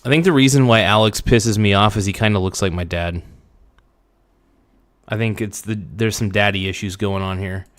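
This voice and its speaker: A man's voice: lowish voice, normal speed, a bit bright. Blunt, profane young man ranting. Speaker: livestream host. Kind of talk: casual livestream rant.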